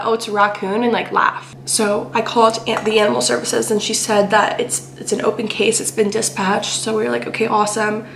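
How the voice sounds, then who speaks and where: A woman's voice: medium pitch, fairly even intonation, normal speed, gravelly, fairly bright tone, slight background noise. A young woman from Canada telling a long, emotional story in a chatty vlog, rambling with lots of fillers. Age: young adult. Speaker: vlogger. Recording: echoey room.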